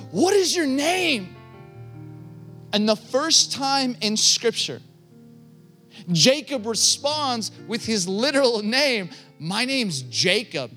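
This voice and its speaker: A man's voice: very high voice, sharp tone. A man preaching a sermon, impassioned and direct, building to emphatic peaks as he speaks straight to the congregation.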